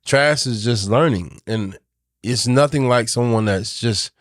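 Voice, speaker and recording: A man's voice: mid-range voice, a little slow, dry recording, clean studio sound. A man co-hosting a podcast in casual sports chat, rambling, restarting his sentences and often repeating himself. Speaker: podcast co-host.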